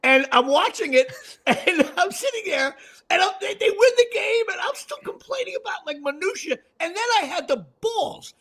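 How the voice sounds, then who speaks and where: A man talks sports in a casual podcast chat, his voice sitting very high and leaping all over the place. The tone is bright and forceful, and he tells stories excitedly, laughing as he goes and acting out other people's lines. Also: normal speed. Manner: excitable storyteller, laughs often and acts out quotes. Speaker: podcast host.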